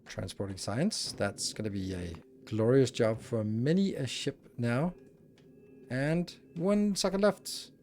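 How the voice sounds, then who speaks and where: A man's voice: mid-range voice, slow pace, darkish tone, slight background noise. A man streaming a building game, thinking aloud and muttering as he plays. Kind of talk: casual live-stream commentary.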